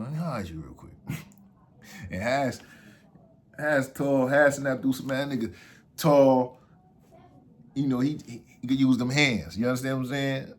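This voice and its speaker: Animated husky man telling a street story. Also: medium pitch. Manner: animated, acts out quotes in raised voices.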